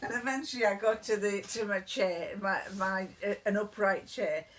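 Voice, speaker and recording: Speaking at a moderate pace in a medium-pitched voice, with background noise behind her, a woman vlogger talks casually to camera. Her homely stories wander and digress, and she laughs frequently.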